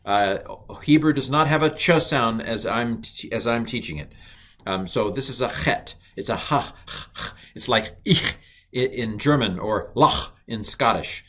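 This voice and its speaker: A man teaching a recorded language lesson, chatty, reciting letters slowly and cracking mild jokes. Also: medium pitch, a bit bright.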